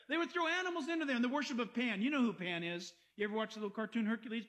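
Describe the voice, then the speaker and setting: A man with a strikingly high voice preaches a sermon. He talks to the congregation in a lively, conversational way and breaks into acted-out quotes and asides. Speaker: pastor.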